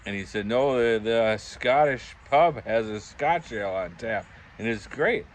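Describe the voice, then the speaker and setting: A man's voice: medium pitch, lively intonation, a little slow, a little hiss or hum. An older man telling rambling, chuckling pub anecdotes in a casual vlog, acting out the voices he quotes. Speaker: vlogger. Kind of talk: casual storytelling. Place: backyard pub shed.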